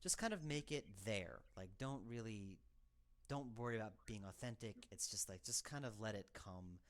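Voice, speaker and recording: A man's voice: lowish voice, animated, moderate pace. A man talking through casual developer commentary in a rambling, hesitant way. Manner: rambling, hesitant, full of fillers. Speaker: game developer giving commentary.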